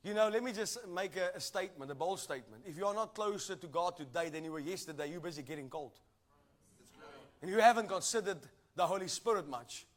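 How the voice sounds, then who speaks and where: A man preaching a sermon with emphatic delivery, calling for responses from the congregation and building to shouted passages. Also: sits high, expressive, fairly quick.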